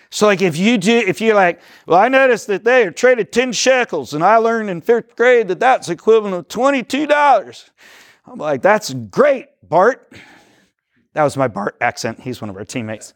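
A man giving a teaching talk to a live audience, energetic and rambling, often correcting himself and acting out little dialogues. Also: on the high side, dry recording, clean studio sound. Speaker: discipleship workshop speaker.

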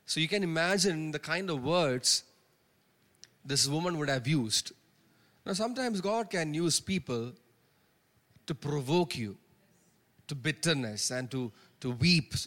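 At a measured pace with long pauses, a pastor with a slightly high, fairly bright voice and lively intonation gives an emphatic sermon. Recorded in a church sanctuary with long hall reverb, he repeats phrases and asks "Amen?" for call-and-response.

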